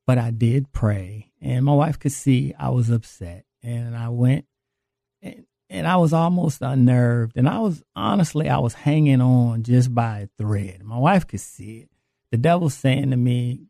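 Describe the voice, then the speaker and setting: A man's voice: mid-range voice, animated, a little slow, gravelly, warm tone, no room sound, clean studio sound. A man earnestly telling a personal faith testimony about his recovery. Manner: earnest, confessional storytelling. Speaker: guest sharing a recovery testimony.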